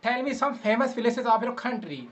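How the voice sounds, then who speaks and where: A man's voice: very high-pitched, animated, normal speed, a little hiss or hum, poor audio. A man in his twenties from India with an Indian English accent, an English trainer who patiently repeats and rephrases his questions. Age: 20s. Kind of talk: casual English practice conversation.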